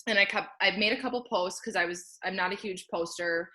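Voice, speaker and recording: A woman's voice: mid-range voice, fairly quick, sharp tone. A young woman sharing her personal success story from home in an upbeat, chatty way, laughing often and peppering her speech with "like.". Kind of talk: casual personal testimonial.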